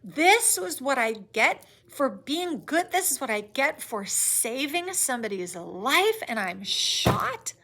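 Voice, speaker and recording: A woman reading aloud as a lonely, rejected male creature, in a louder, indignant voice. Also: high voice, sing-song, slow, hardly any pauses, exaggerated voice. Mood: angry.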